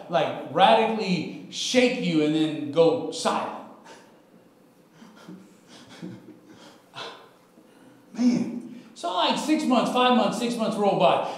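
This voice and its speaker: Male pastor, high tenor voice, candid storytelling sermon, very reverberant church room. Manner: candid storytelling, chuckles often, calls listeners "man". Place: church sanctuary.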